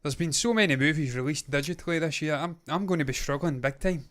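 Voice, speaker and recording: A man's voice: fairly high pitch, quick pace, a bit bright, a little hiss or hum. A man co-hosting a casual movie show, talking in a chatty, rambling and self-mocking way. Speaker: podcast co-host. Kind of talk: casual movie news chat.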